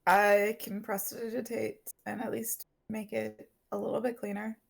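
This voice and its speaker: Woman w a gravelly voice, offhand stubborn player in an online tabletop game. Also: mid-range voice, little pitch movement, normal speed. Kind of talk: casual tabletop play over a stream.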